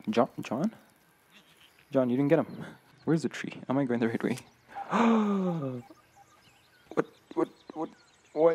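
A man's voice: mid-range voice, animated, unhurried, pauses often, a little mellow, slight background noise. A young man commentating his own gameplay, nervous and jumpy, talking to himself with frequent gasps and laughs. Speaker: gamer streamer. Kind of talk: let's play commentary.

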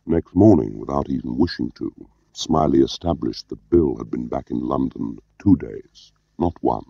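Deep gravelly man reading a spy novel, calm and measured, dull lo-fi sound. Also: dry recording. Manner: measured, understated storytelling. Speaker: audiobook narrator. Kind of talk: scripted narration. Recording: dull lo-fi audio.

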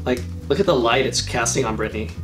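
Deep-voiced woman hosting a snack taste test, upbeat, laughs a lot, echoey room. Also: fast. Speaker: host. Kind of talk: casual taste-test chat. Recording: echoey room with faint music.

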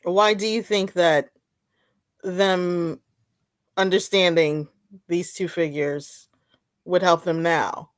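Slow, low-voiced woman co-host. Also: steady tone, dry recording, clean studio sound. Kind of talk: podcast conversation.

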